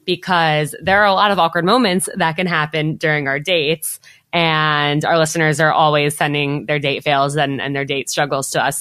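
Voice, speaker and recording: A woman's voice: deep voice, a bit bright, no echo, studio quality. A woman hosting a dating podcast, chatty and upbeat and full of "like" fillers. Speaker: podcast host. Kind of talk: casual podcast chat.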